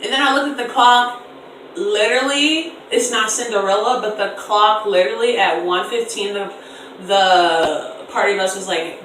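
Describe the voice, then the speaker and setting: A young woman in her twenties telling a storytime on camera in an animated, slangy way, acting out voices in quotes. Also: medium pitch, normal speed, a little hiss or hum. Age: 20s. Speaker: vlogger. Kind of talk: casual storytime. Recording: echoey room, distant mic.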